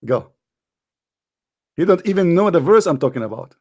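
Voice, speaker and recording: A man's voice: a little high, sing-song, moderate pace, darkish tone, husky, dry recording, studio quality. A man hosting a heated call-in debate, talking in a combative, mocking way and repeating his phrases insistently. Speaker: host of a call-in debate show.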